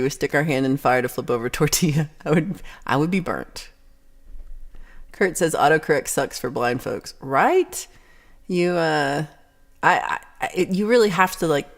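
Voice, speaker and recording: A woman hosting a livestream, chatting casually and reading out viewer comments in a rambling, chatty way. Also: low voice. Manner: rambling, chatty, frequent restarts and laughs. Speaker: livestream host.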